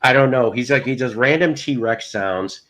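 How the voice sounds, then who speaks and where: A man's voice: medium pitch, normal speed. Rambling joking man, light hiss. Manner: rambling, crude jokes, repeats himself. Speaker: podcast co-host. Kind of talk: casual joking chat.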